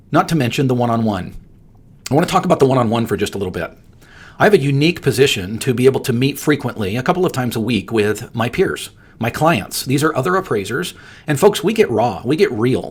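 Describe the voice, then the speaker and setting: A man's voice: medium pitch, husky. A man hosting a solo podcast, talking earnestly and emphatically, often repeating words for stress. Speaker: podcast host and appraiser coach.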